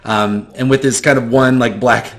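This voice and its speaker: A male game master describes the scene in a relaxed, rambling way. He pads his narration with "um" and "like" as he goes, talking casually to his players. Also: medium pitch, normal speed. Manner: loose, filler-heavy narration.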